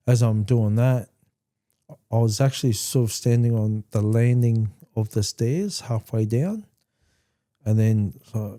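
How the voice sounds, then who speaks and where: A man hosting a podcast, telling a personal story candidly in a halting way with frequent restarts. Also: fairly low pitch, mellow. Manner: candid and plainspoken. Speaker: podcast host.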